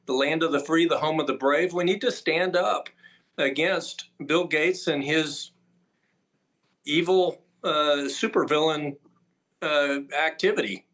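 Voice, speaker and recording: A man's voice: on the high side, unhurried, a bit bright. Emphatic man, a guest doctor. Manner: emphatic, listing points, frequent fillers. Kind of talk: interview guest.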